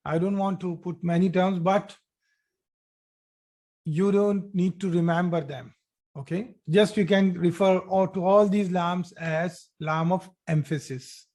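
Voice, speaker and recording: A man teaching an online Arabic grammar lesson, explaining slowly and repeating himself, with frequent "okay?" checks. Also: high voice.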